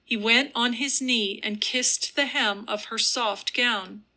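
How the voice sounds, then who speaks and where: A woman reads a classic novel aloud in a measured, soft storytelling voice. Her delivery is slow and her voice sits a little high and bright. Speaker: audiobook narrator. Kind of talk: scripted audiobook narration.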